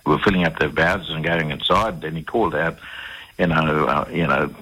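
An Australian man being interviewed on the radio, telling his story casually in a halting way, with lots of fillers and restarts. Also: rumbling low, fairly even intonation, pushed and bright, breathy edge, low-quality recording.

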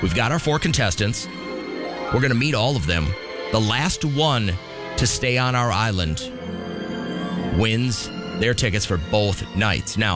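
Guy hosting morning radio, lowish voice, jokey and chatty, faint music under him. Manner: chatty, joking, quick asides to callers. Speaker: radio morning show host. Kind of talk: upbeat radio call-in game. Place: radio studio. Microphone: studio microphone.

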